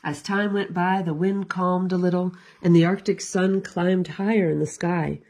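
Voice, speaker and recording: A woman librarian giving an expressive, sing-song storytime read-aloud for children. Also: lowish voice, normal speed.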